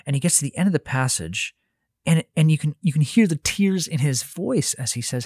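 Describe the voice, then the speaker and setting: A man's voice: medium pitch, animated, fairly quick, a little mellow, no echo, studio quality. A man giving a conversational Bible teaching, earnest and thinking aloud, often restarting his phrases. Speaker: Christian teacher.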